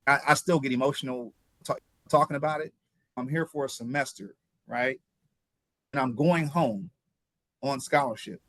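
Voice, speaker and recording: A man in his fifties from Ohio, a former pro football player recounting his journey as an interview guest, with animated telling and frequent repeated words. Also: mid-range voice, normal speed, long pauses, dry recording. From Ohio, USA. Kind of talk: interview storytelling.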